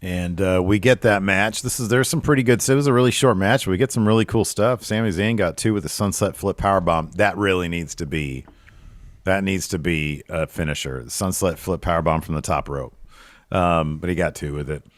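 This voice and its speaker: A man co-hosting a podcast, recapping wrestling in casual chat and jumping up in pitch when he gets riled. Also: fairly quick, no echo. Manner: excitable, jumps high when riled. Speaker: podcast co-host.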